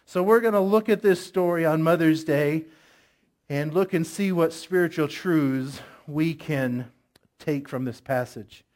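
A man's voice: fairly high pitch, measured pace, darkish tone. A middle-aged male pastor giving a sermon, telling stories in a conversational way and asking the congregation questions.

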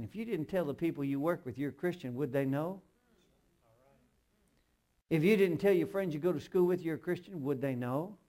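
An older man, preaching a sermon as pastor, swinging from hushed storytelling to loud emphatic bursts with humorous asides. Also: a little high.

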